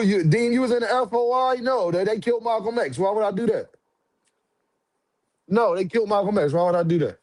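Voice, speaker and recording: A man's voice: fairly high pitch, dry recording. A man hosting a boxing livestream, talking in loose, profane, repetitive slang. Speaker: boxing commentary streamer. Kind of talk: casual livestream chat.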